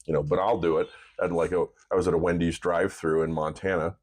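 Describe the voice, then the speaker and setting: A man hosting a podcast in relaxed casual chat, rambling storytelling with laughs and playful put-on voices. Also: sits low, fast talker. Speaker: podcast host.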